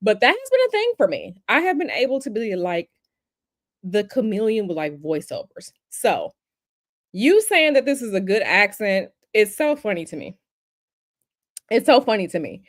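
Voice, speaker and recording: A woman's voice: mid-range voice, very animated, normal speed, no room sound, studio quality. A woman hosting an astrology and tarot livestream, chatting casually and talking straight to her live chat.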